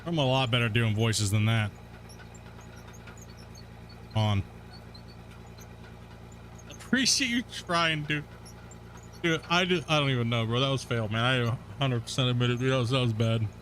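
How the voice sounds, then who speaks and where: Bright-voiced young man streaming a game. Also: medium pitch, normal speed, pauses often, slight background noise. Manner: laid-back, swears freely, laughs at himself. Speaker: gaming streamer. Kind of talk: casual live-stream chat while playing.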